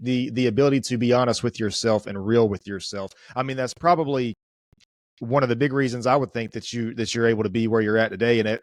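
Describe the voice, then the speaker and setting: A man of ordinary pitch talking quickly in a casual podcast interview, stumbling and restarting as he works through his thoughts. The sound is dry and close, with no room echo. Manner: rambling, restarts often, thinks aloud. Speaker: podcast host.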